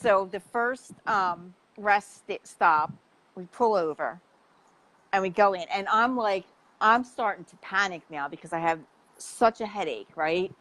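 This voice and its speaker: Woman health coach in casual conversation; animated, chatty storyteller with an average-pitched voice. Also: unhurried, low-quality recording.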